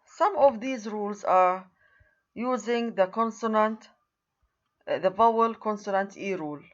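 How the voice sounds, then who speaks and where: Slow, careful woman lecturer. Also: medium pitch, muffled recording. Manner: slow, repeats key words and points at examples. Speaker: university writing lecturer. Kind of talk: recorded lecture.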